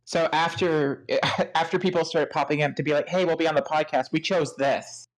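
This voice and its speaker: A woman co-hosting a comedy podcast, making crude jokes in a flat, deadpan way during casual banter. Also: low voice, moderate pace, poor audio. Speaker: podcast co-host.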